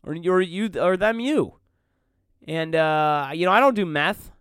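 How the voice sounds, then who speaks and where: Here a young podcast host rambles on his own, wry and full of fillers and false starts, close to a studio microphone. His high-pitched voice has lively intonation and an unhurried pace. It sounds a bit bright, clear and resonant, with no echo.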